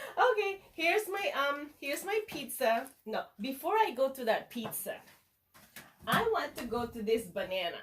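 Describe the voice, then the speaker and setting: Playful teacher lady talking to kids, slow and a bit high, sing-songy, munching food as she goes. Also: sing-song, a bit bright. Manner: playful, sing-song, talks to the viewer as a child. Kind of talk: children's lesson demonstration.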